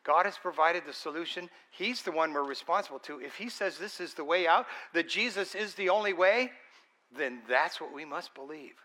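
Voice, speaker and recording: A man's voice: a little high, lively intonation, moderate pace, bright, forceful tone. A man preaching a sermon in an earnest, conversational and emphatic way.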